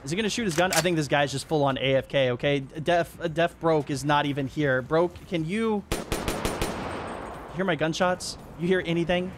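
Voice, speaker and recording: Young man, gameplay commentary, excitable, high voice, faint noise behind. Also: normal speed. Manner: excitable, laughs often, talks to players. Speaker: gaming YouTuber.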